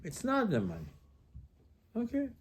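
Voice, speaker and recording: Man, rabbi, lively sermon delivery with rhetorical questions and voiced-out quotes. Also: sits high, unhurried, slight background noise.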